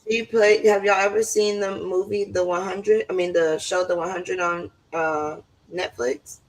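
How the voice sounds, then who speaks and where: A woman's voice: fairly low pitch, fairly even intonation, unhurried, poor audio. A woman hosting a podcast in casual chat, talking in a chatty, dramatic way. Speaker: podcast host.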